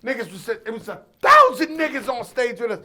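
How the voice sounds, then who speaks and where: A man's voice: very high voice, fairly quick. A man hosting a casual interview, telling a story with animation and acting out the lines of the people in it. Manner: animated, acts out quoted dialogue. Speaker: host.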